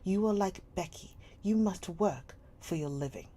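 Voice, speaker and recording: A woman voicing a cold, domineering schoolmistress who scolds in a sharp, stern tone, with a faint hum behind. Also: lowish voice, unhurried, lightly acted. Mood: scornful.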